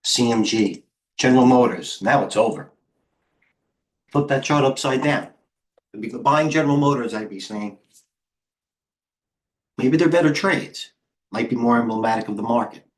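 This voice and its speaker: A middle-aged man hosting a live trading stream, talking fast and excitably as he flips through charts and speaks to viewers in the chat. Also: medium pitch. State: out of breath. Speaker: host and head trader.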